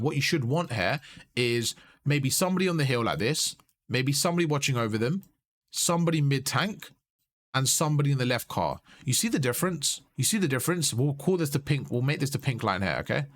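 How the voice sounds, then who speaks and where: A man coaching a player over their gameplay footage, explaining positions and repeating his key points. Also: medium pitch. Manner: instructive, repeats key points, asks "you see?".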